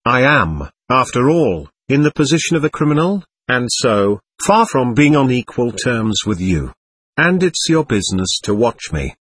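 A man voicing an excitable, proud nobleman under police questioning, talking on and on in a defiant way. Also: medium pitch, moderate pace, slightly rough, no room sound. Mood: defiant, voluble. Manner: voluble, defiant, laughing nervously.

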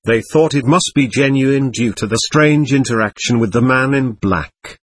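A man narrating a first-person story aloud in an even, measured way. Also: medium pitch.

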